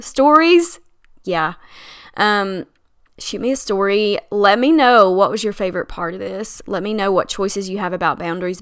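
A woman's voice: mid-range voice, a bit bright, smooth. A woman hosting her own podcast, giving chatty, encouraging advice on setting boundaries and laughing now and then. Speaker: podcast host and coach. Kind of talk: casual solo podcast advice.

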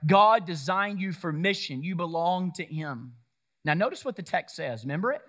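High-voiced preacher man calling to his flock. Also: animated, moderate pace, a bit bright. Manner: rhetorical questions and call-and-response. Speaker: pastor. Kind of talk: sermon. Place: church service.

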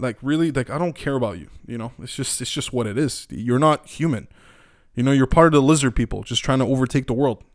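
A man's voice: mid-range voice, fast talker, no echo, clean studio sound. Rambling, swearing guy. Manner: rambling, profane, many fillers and restarts; opinionated and animated. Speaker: podcast host. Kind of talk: casual commentary.

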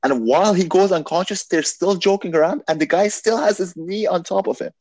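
A man telling a long story in a casual podcast conversation, animated and full of fillers, swearing now and then. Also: high voice, brisk, no echo.

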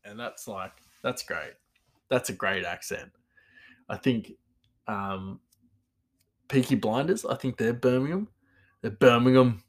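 A man's voice: medium pitch, a little slow, pauses often. A young man chatting casually about accents, rambling, self-correcting and laughing at himself. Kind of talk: casual chat.

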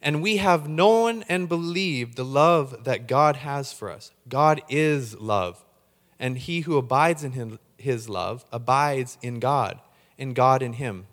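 This man preaches at a slow pace in a church hall, his mid-range voice carrying that big-room sound. Excitable by nature, he gets hyped up mid-sermon and stumbles over words he repeats.

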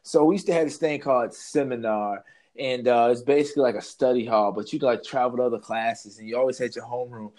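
A man's voice: medium pitch, fast talker, a little mellow. A young man telling a school story in casual chat, laid-back and slangy, laughing as he goes. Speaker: co-host.

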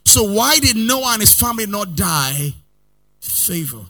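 A male pastor preaching a sermon, swinging between loud outbursts and quiet asides, sometimes in a sing-song cadence and calling on his listeners to repeat after him. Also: high-pitched, big pitch swings, measured pace, creaky. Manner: calls the congregation to repeat lines after him.

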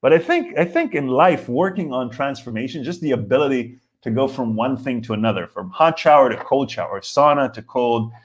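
A man's voice: mid-range voice, expressive, fairly quick, few pauses. A man in his forties hosting a live comedy podcast, ranting in a rambling way with lots of restarts and acted-out quotes. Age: 40s. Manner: rambling, frequent restarts and fillers, acts out quotes. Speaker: comedian host.

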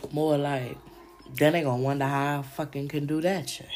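A woman's voice: low voice, steady tone, moderate pace, a little mellow. A woman, a podcast host telling stories in a casual, slangy, profane way and acting out the people she quotes. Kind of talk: casual storytelling chat.

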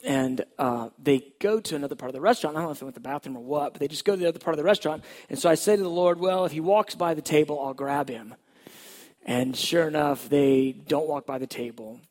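A man telling a personal faith testimony in a conversational way, sometimes dropping to a hush. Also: fairly high pitch, fast. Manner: conversational storytelling, drops to hushed tones at tender moments. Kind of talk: testimony story.

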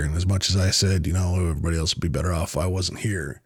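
A man's voice: deep voice, lively intonation, fast talker, hardly any pauses, breathy edge, no room sound, studio quality. A man hosting his own podcast, talking alone in a blunt, profane but earnest and reflective way. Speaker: podcast host. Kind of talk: casual solo monologue.

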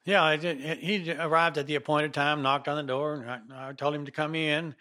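A man telling his own story in a casual, animated way, often restarting his sentences. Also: fairly high pitch, moderate pace. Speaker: interviewee recounting his story.

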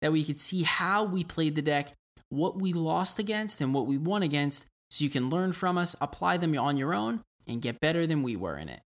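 A man's voice: fairly high pitch, lively intonation, normal speed, a bit bright. A young man co-hosting a gaming podcast, playful and teasing, laughing often. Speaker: podcast co-host. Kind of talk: casual podcast chat.

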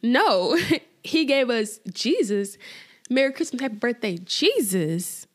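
A woman's voice: on the high side, big pitch swings, takes it slowly. A woman hosting a casual faith podcast, talking informally with lots of fillers and repeated phrases for emphasis. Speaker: podcast host.

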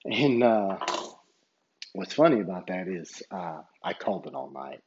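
In a muffled recording, a man who referees basketball speaks at a normal pace in a lowish, husky, darkish, expressive voice. He rambles through a casual story, retelling the dialogue line by line and repeating "I said" a lot.

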